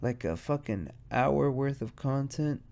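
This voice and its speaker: A man's voice: medium pitch, unhurried, gravelly, darkish tone. A stoned man hosting his solo podcast, rambling, swearing and mocking himself as he goes. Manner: rambling, profane and self-mocking. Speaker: podcast host. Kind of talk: casual solo podcast monologue.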